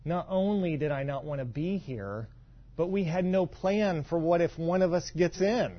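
A man's voice: on the high side, moderate pace, highs cut off. A man from western Kentucky preaching a sermon in a conversational, storytelling way, with frequent asides and repeated words. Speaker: pastor.

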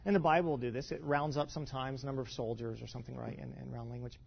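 Chatty pastor with a dull lo-fi sound. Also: male voice, medium pitch, fairly even intonation, very fast, vocal fry, slightly rough. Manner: conversational, many fillers and restarts, rhetorical asides. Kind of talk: teaching talk to a congregation.

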